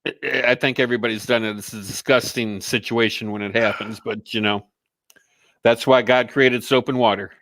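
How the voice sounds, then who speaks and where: A man with a bright, forceful voice, cohosting a live chat show. He talks bluntly and swears freely, joking his way through crude topics. The sound is dry and close. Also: medium pitch, steady tone, normal speed, no room sound. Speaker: co-host.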